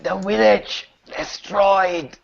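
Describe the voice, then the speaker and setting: A man's voice: sits high, fairly even intonation, creaky, dull audio, voice pushed up, full character voice. A man doing a gasping raised corpse. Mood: haunted. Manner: halting, broken gasping speech. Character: dead elf villager briefly raised, gasping.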